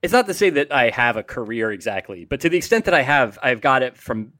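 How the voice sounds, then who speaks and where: A man's voice: mid-range voice, sing-song, fast, a bit bright, dry recording. A middle-aged man from New Jersey co-hosting a podcast, rambling with lots of "like" and self-deprecating humor. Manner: rambling, self-deprecating, many filler likes. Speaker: podcast co-host. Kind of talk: casual chat.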